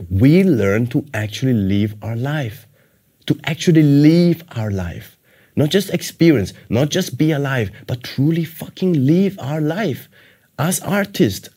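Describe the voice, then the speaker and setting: A man's voice: fairly high pitch, warm tone. A man giving a motivational course talk, repeating and building his phrases with emphasis. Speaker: course teacher.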